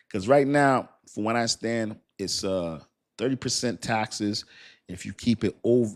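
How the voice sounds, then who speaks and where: A man hosting a casual crypto live stream, chatty and repetitive, often thanking his viewers. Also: on the low side. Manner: chatty, repeats himself, thanks viewers warmly.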